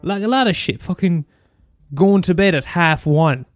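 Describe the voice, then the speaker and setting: A student radio host, a man in his twenties with an Irish accent, rants casually and swears freely in a monologue. His voice sits high and moves at a moderate pace, recorded dry with faint music in the background.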